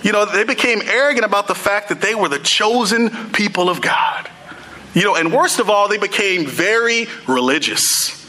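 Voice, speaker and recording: A man's voice: high voice, fairly quick, sharp tone, poor audio. A young man preaching a sermon in a casual, conversational way, full of "you know" and "like".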